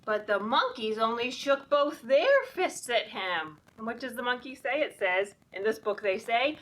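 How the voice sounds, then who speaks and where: Woman children's librarian, slow animated storytime reading, asks the kids questions. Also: a little high, recorded from a distance. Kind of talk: children's storytime read-aloud.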